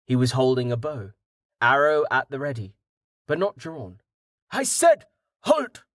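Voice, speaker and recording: A man narrates an audiobook from a script, reading in a measured, expressive way. His voice sits at a medium pitch, and the studio-quality recording has no room sound.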